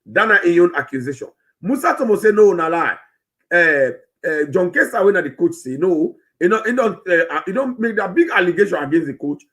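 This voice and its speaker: A man's voice: high-pitched, sing-song, brisk, a bit bright. A man with a Sierra Leonean Krio-English accent, rambling through an opinion commentary with many restarts. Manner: rambling, searching, frequent restarts. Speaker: host of a political commentary channel.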